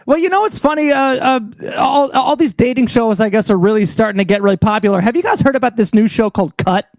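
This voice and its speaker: A male host with a very high voice talks in a loud, excitable, joking way. The sound is dry and close, with no room around him. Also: quick pace, dry recording. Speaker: podcast host. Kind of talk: casual chat.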